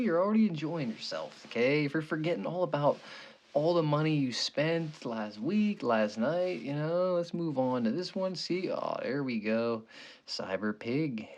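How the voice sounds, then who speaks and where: A man's voice: mid-range voice, darkish tone. Rambling, cursing sports betting guy. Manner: rambling, profane, joking, repeats "okay" and "you know". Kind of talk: casual profane betting picks chat.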